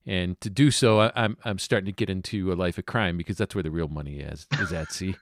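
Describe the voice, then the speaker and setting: A man's voice: sits low, fast talker, pitched below the performer's own voice. A man voicing a selfish small-time crook with gangster-style talk. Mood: gruff. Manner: gangster "see?" tag. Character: selfish tough-guy male crook, 1930s gangster talk. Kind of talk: playing a tabletop game.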